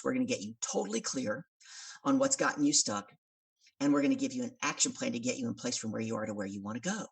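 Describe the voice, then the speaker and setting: A woman, a business coach and podcast guest, telling a story in an animated way and acting out the voices of the people in it. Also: rumbling low, creaky, breathy edge, distant mic.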